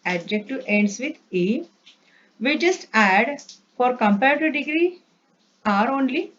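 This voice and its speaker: An English teacher, a woman with a slightly high voice, takes her time through a careful grammar lesson, reading word lists item by item. She repeats things and fixes small slips with a quick "sorry," her intonation lively and a bit bright. The audio is dull and lo-fi.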